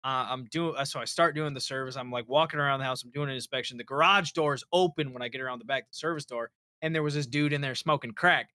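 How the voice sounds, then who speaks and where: Male co-host, bright and crisp tone, dry close sound, lively profane storyteller. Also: mid-range voice, fast, dry recording. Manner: animated storyteller, swears freely. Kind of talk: casual chat and anecdote telling.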